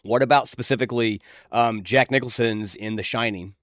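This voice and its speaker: A man's voice: medium pitch, normal speed, a bit bright, no room sound, clean studio sound. A man co-hosting a podcast in casual chat, telling stories with animation and laughing often. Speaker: podcast co-host.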